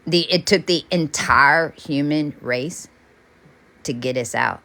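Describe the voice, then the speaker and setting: A woman's voice: low voice, slow pace, pushed and bright. A woman delivering a rambling spiritual monologue as a self-styled channeler, intense, repetitive and often profane.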